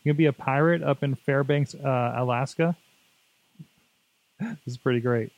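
A man's voice: medium pitch, moderate pace, no room sound. A man co-hosting a tech podcast, chatting casually and rambling with lots of fillers and jokes. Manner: rambling, jokey, many fillers. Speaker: podcast co-host.

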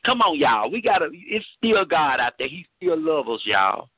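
A man's voice: on the high side, very animated, moderate pace, breathy edge, dry recording. A man preaching fervently to a phone chat line, repeating and restarting his phrases, heard over a tinny phone connection. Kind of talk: informal preaching testimony.

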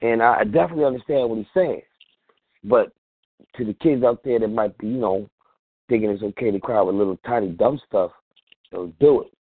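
A man's voice: fairly low pitch, fairly quick, long pauses, slightly rough, no echo, narrow, tinny audio. A man giving blunt, slangy advice on a talk radio show, acting out quoted voices as he goes. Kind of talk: casual talk radio commentary.

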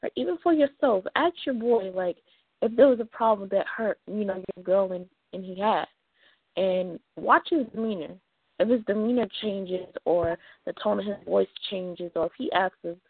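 A woman hosting an internet radio show, giving calm, earnest advice in casual talk. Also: medium pitch, gravelly, slightly rough, no echo. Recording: tinny phone-like line, dry.

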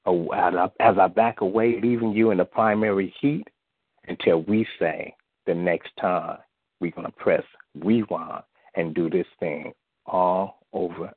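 A man reciting erotic spoken-word poetry in a slow, sensual way, often saying "you see", heard over a phone line. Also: low-pitched, no room sound. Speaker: guest poet. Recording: tinny phone-line audio, dry.

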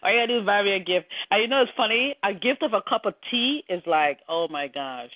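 A woman chatting casually on a call, animated and exclaiming often with frequent laughter. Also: medium pitch, fast talker. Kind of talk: casual chat. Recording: tinny dry phone line.

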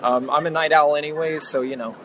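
A man's voice: a little high, fairly quick. A man casually telling an anecdote at a convention, acting out what people said. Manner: animated, acts out quotes. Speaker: convention interviewee. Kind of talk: casual storytelling. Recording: noisy street background.

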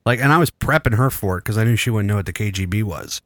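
A man's voice: fairly low pitch, lively intonation, quick pace, fairly bright tone, no echo, clean studio sound. A man in his thirties hosting a podcast, telling a long story with crude jokes in casual chat. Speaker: podcast host.

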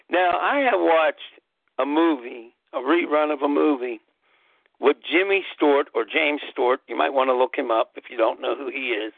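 A man's voice: on the high side, normal speed, vocal fry, dry recording. A man hosting a personal health talk, telling his story earnestly and repeating key phrases for emphasis. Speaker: host. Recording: tinny phone-like line, dry.

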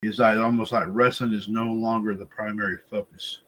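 A man's voice: on the low side, flat delivery, brisk, fairly bright tone, low-quality recording. A man hosting a wrestling news podcast, talking in a rambling, casual way, often circling back with filler phrases and calling his listeners folks. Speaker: podcast host.

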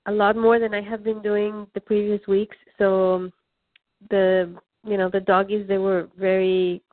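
A woman's voice: mid-range voice, little pitch movement, unhurried, no room sound. Chatty woman student on phone line. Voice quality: chatty, hesitant with fillers. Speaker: student sharing her practice. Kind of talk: casual chat on a phone call. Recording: tinny phone line, dry.

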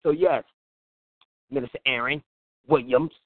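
A man's voice: mid-range voice, fairly even intonation, a little slow, dry recording. A man hosting a radio show, giving casual, preachy talk in a colloquial manner and laughing often. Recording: tinny phone-like line, dry.

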